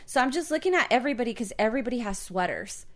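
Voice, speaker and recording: Woman podcast co-host, casual storyteller, animated, acts out quotes. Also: fairly high pitch, very fast.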